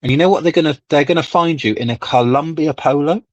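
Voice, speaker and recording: Casting: mid-pitched man, teasing and profane, heard through a slightly dull, dry mic. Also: fast, darkish tone, dry recording. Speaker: livestream co-host. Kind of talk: casual chat.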